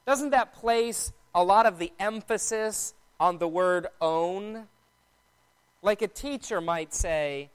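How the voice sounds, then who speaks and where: A man preaching a sermon in a measured, explanatory teaching tone. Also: high voice, a bit bright, clear, resonant tone.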